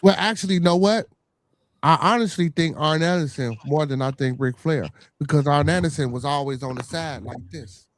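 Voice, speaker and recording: A man co-hosting a casual wrestling talk show, animated and repeating his points. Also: a little high, moderate pace. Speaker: podcast co-host.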